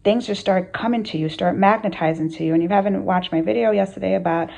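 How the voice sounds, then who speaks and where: A woman's voice: medium pitch, fast talker, creaky, darkish tone, rough recording. A woman hosting her channel, speaking earnestly to camera in a casual motivational talk, with repeated phrases and rhetorical questions. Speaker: spiritual coach and channel host.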